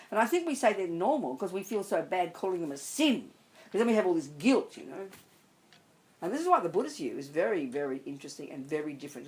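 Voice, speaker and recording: In a meditation centre hall, a Buddhist nun with a low voice gives a dharma talk to a group, emphatic and blunt. The audio quality is poor.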